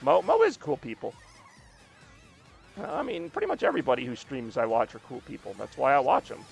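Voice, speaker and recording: A man's voice: mid-range voice, wildly swooping pitch, fairly quick, gravelly. A man streaming a racing game, chatting casually with a rambling, self-deprecating, joking manner. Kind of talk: casual live-stream chat while playing.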